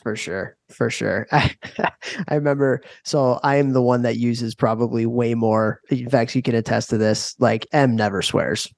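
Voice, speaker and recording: A man in his thirties co-hosting a podcast, chatty and quick to laugh in casual talk. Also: mid-range voice, steady tone, creaky, a little mellow, no room sound. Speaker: podcast co-host. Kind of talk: casual chat.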